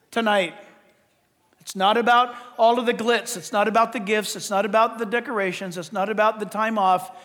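High-voiced preacher in a reverberant church. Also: male voice, fairly bright tone. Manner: preaching with rising, impassioned emphasis. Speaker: pastor. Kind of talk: sermon. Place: church sanctuary.

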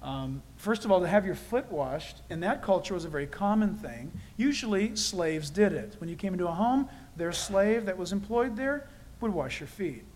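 A man with a noticeably high voice preaches a sermon to his congregation. He talks conversationally and leans hard on key phrases, repeating them for emphasis. He breaks in with candid, self-deprecating personal asides. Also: expressive, normal speed, a little mellow, a little hiss or hum, rough recording. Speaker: pastor.

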